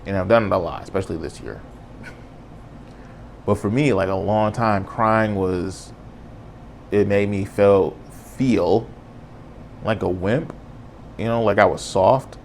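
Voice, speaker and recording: Low gravelly man, earnest podcast talk. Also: unhurried, long pauses, a little hiss or hum. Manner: earnest, casual, reflective, says "bro". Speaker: podcast host. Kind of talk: solo podcast monologue.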